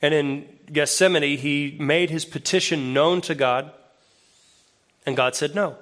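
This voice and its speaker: A male associate pastor delivering a sermon in a relaxed, conversational way. His voice sits a little higher than most men's. He grows lively and more emphatic when he reads scripture aloud. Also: unhurried.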